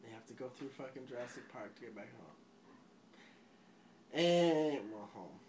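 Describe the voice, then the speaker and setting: A man's voice: medium pitch, animated, moderate pace, background noise. A drunk young man retelling a film in a rambling, swearing way, often laughing and tripping over his words.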